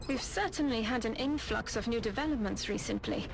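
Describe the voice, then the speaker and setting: A woman voicing a curious female scientist in a strategy game, speaking in a formal, measured way. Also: a little high, close to an everyday voice. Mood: intrigued. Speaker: game character. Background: game music.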